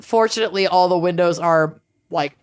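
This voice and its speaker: A woman's voice: fairly low pitch, normal speed, clear, resonant tone. A woman co-hosting a chatty podcast, telling a story with laughs mixed in. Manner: chatty, laughing through stories. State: face swollen from hornet stings. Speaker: podcast co-host. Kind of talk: casual chat.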